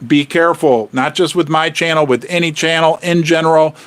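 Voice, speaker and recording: A man hosting a casual livestream, rambling and animated as he chats with viewers. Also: a little high, a little fast, clean tone. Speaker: livestream host. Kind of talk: casual livestream chat about finance.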